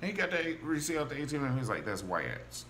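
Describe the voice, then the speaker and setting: A man recaps a TV drama in a loose, gossipy way, often slipping into the characters' voices. His pitch swings widely as he talks. A faint hiss sits under the recording. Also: very fast. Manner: animated and gossipy, acts out quotes of characters. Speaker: TV show reviewer. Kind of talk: casual recap and commentary.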